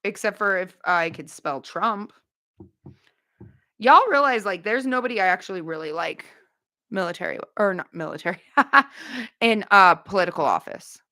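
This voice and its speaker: A woman hosting a casual livestream, chatting bluntly with viewers, with quick asides and no filter. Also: medium pitch, sharp tone. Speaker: livestream host.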